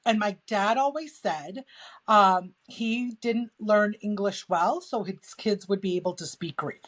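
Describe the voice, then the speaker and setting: An American woman chats on a podcast in a mid-range voice. She talks in quick asides and restarts herself often. Her tone stays casual and conversational. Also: mid-range voice. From United States. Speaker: podcast co-host. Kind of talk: casual chat.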